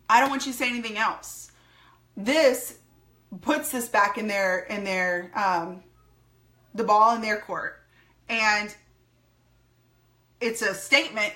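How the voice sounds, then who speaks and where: Bright, upbeat woman team leader; instructive coaching talk, firm repeated key lines. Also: mid-range voice. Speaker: sales team leader and trainer. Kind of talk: recorded training talk.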